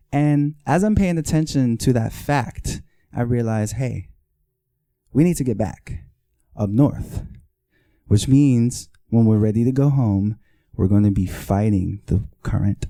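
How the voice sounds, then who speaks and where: A man tells a story live on stage, lively and theatrical, acting out every exchange. His voice is warm and mellow, and the sound is dry and close. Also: medium pitch, dry recording. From the Bronx, New York. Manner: animated, acts out dialogue, repeats phrases for rhythm. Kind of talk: live first-person storytelling.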